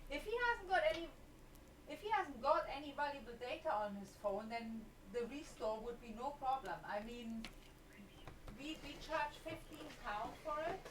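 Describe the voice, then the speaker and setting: A woman at a repair shop explains things to a customer on the phone in a patient, apologetic way. Her voice sits slightly high and sounds distant from the mic, in a room with echo and a faint hum behind it. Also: expressive, normal speed. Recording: echoey room, far from the mic.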